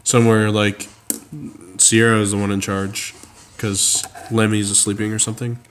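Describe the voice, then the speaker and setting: A man co-hosting a casual chat, relaxed and chuckling as he adds ideas. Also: fairly low pitch, moderate pace, slight background noise. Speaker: co-host.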